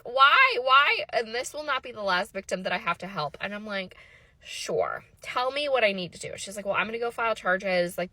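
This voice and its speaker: Bright-voiced woman telling a wild story. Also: mid-range voice, no room sound. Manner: animated, exasperated, swears freely, laughs at own story. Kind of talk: casual storytime monologue.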